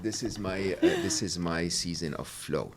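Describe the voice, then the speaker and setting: A middle-aged man telling stories as a podcast guest, animated and often laughing, sometimes halting with fillers. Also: sits low, crowd noise. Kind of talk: podcast interview.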